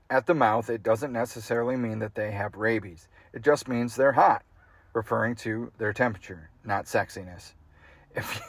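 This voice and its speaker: A man reading a funny memoir aloud, his voice sitting at an ordinary middle pitch. He keeps the delivery loose and conversational, as if chatting while he reads. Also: no room sound. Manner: casual, amused reading that breaks into laughter. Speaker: audiobook reader.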